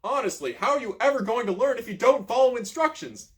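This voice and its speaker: A man's voice: very high-pitched, animated, brisk, pitched above the performer's own voice. A man voicing an impatient swim coach who barks orders while reading a storybook aloud. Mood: yelling. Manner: barking, exasperated.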